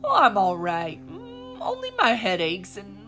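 Ben, a steady, cheerful older boy, voiced by a woman. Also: unhurried, music in the background. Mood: reassuring. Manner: calm and low, quiet.

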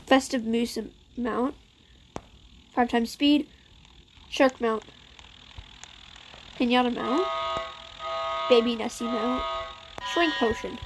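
A woman's voice: fairly high pitch, takes it slowly, pauses often, background noise. A woman giving casual gameplay commentary in a chatty, sarcastic way with muttered asides. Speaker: gameplay streamer.

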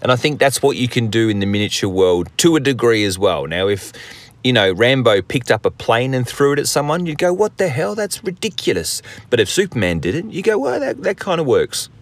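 A man's voice: medium pitch, animated, a little fast. An Australian man hosting a hobby podcast, rambling and joking in a casual, self-deprecating way. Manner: rambling, jokey, self-deprecating, many fillers and restarts. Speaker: podcast host.

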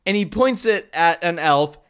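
A man's voice: on the high side, animated, normal speed, a bit bright, clean tone. A man co-hosting a podcast in a casual movie-review chat, retelling scenes animatedly, teasing and acting out quotes. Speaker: podcast co-host.

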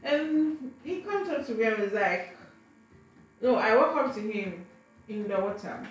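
A woman's voice: on the high side, expressive, measured pace, soft background music. A young adult woman telling a personal story to camera in a casual, frank way, often tripping over and repeating her words. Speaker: vlogger. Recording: very echoey room, faint background noise.

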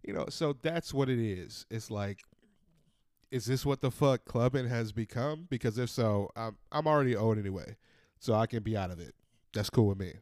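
Man in his thirties, low voice, dry close sound, profane ranting podcast monologue. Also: no room sound. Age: 30s. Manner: profane, ranting, animated storytelling. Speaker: podcast host. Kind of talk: casual monologue.

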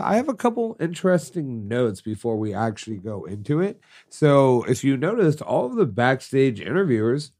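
A man's voice: medium pitch, darkish tone. A stuffed-up man co-hosting a podcast, chatting casually and teasing his co-host. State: congested. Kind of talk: casual chat.

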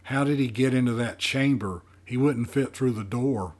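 A man's voice: medium pitch, normal speed, darkish tone, voice pushed up, lightly acted. A man doing a curious, bold little girl. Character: nine-year-old girl, curious and bold. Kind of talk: audiobook character voice.

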